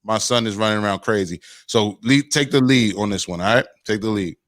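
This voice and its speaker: Animated man hosting a rant podcast. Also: lowish voice, brisk, dry recording. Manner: animated, fires off rhetorical questions. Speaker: podcast host.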